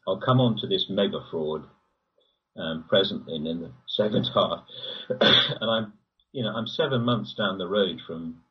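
A man with a very husky, breathy voice and a fairly low pitch, caught from a distance on a dull lo-fi recording. He talks in long rambling runs, his pitch leaping up whenever he presses a point. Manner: rambling, animated, pitch jumps when emphatic. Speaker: guest. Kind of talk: conversational interview.

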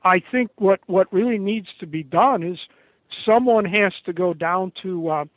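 An American man giving a halting, emphatic interview over an internet call, pausing often. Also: sits high, dry recording. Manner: halting, emphatic, many pauses. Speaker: interview guest. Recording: dull lo-fi internet call audio.

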